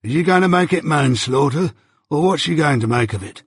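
A man's voice: a little high, lively intonation, fairly quick, slightly rough, no room sound, clean studio sound, pitched above the performer's own voice. A man voicing a nosy, teasing male prison turnkey who pries with questions, read as an audiobook. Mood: prying.

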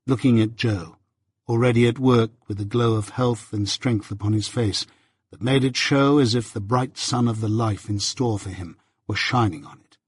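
Husky male audiobook narrator. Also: medium pitch, no room sound, clean studio sound. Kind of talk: scripted narration.

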